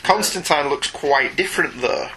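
A man's voice: a little high, normal speed, gravelly, sharp tone, rough recording. A man co-hosting a comics podcast, chatting casually and rising eagerly when he makes a point. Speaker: podcast co-host. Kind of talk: casual chat about comics.

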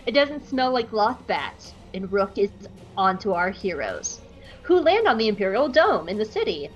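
A woman hosting a podcast, recapping an episode in an animated, profane, jokey way on a close mic. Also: mid-range voice, normal speed, muffled recording, faint music behind. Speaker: podcast host.

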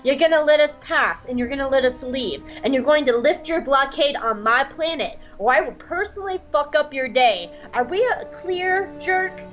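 A woman's voice: sits high, animated, normal speed, few pauses, a bit bright, lo-fi sound, soft background music, pitched above the performer's own voice. A woman doing a sassy, menacing tough woman. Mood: taunting. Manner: mocking, menacing, sarcastic. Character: tough, sarcastic woman threatening an official.

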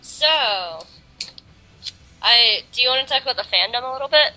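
A woman's voice: a little high, expressive, normal speed, sharp tone, poor audio. A woman co-hosting a podcast, chatting casually with lots of "like" fillers. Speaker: podcast co-host. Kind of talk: casual chat.

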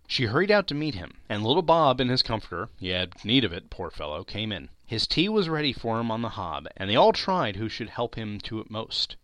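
A man giving a dramatic reading of a classic novel, telling the story with lively expression. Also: fairly low pitch, no room sound. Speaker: reader.

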